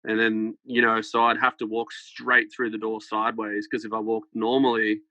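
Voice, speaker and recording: A man's voice: lowish voice, little pitch movement, normal speed, sharp tone, no room sound. A young man telling a story as a podcast guest, rambling with lots of fillers and light laughter. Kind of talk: casual storytelling. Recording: dull lo-fi podcast sound.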